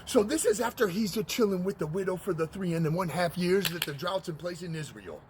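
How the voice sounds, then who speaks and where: A man preaching a casual street-style sermon in slang, retelling a scripture story and shouting for emphasis. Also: high voice, expressive, a little fast, a crowd in the background.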